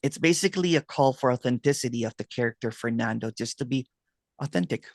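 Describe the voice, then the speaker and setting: A man's voice: medium pitch, fast talker, dry recording, clean studio sound. A man hosting a casual chat on a video call, telling stories with lots of laughter. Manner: laughs a lot, animated storytelling. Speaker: host, non-duality guide.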